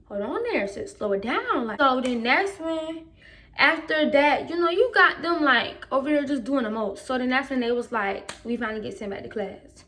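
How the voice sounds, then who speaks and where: Brief: teen girl vlogger, high voice, animated storytime delivery, acts out the people in her story. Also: normal speed. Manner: animated retelling with quoted voices. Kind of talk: casual storytime.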